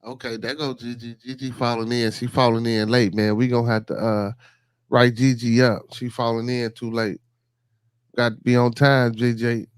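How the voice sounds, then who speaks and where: A man's voice: medium pitch, level tone, normal speed, clear, resonant tone, no echo. A man hosting a casual livestream podcast, greeting viewers and rambling loosely with repeated phrases. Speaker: podcast host.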